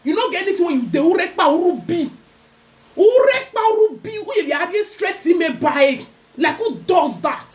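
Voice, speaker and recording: A young Nigerian woman with a very high voice rants through gossip commentary. She taunts her targets in a sing-song way and keeps dropping into mocking laughter. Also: lively intonation, normal speed, a little mellow. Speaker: gossip vlogger.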